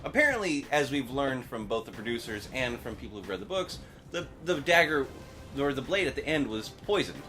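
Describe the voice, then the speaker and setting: A young man with a bright, tense-edged voice that leaps up and down in pitch. He argues his reading of a TV episode in casual, chatty bursts and laughs easily. Faint music plays underneath. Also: brisk. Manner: animated, analytical, laughs easily. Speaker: podcast co-host. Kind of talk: casual chat recapping a TV episode.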